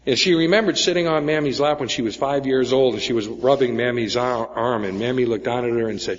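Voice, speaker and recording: A man's voice: mid-range voice, brisk, few pauses. Guy in his 40s sharing his story at a meeting, keeps saying okay? right?, echoey hall, faint hiss. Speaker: speaker at a recovery meeting. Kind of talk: personal recovery story talk. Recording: echoey hall, dull lo-fi sound, faint noise.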